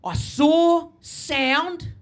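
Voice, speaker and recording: A man's voice: very high voice, fairly even intonation, drawn-out words, pitched above the performer's own voice, full character voice. A man with an Australian accent voicing a rambling hippie stoner uncle in his late fifties, drawling dreamily and saying "man" over and over. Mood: stoned rambling.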